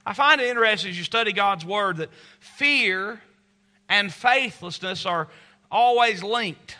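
A man's voice: sits high, unhurried, bright, forceful tone. A middle-aged man preaching a sermon, telling stories and acting out quoted voices. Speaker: pastor.

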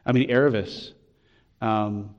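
A man delivers a sermon in a church sanctuary with long reverb trailing each phrase. He speaks in an earnest, heartfelt way and climbs higher when stressing a point. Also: fairly even intonation, takes it slowly, highs cut off. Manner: earnest, warm preaching with emphatic rises. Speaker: pastor.

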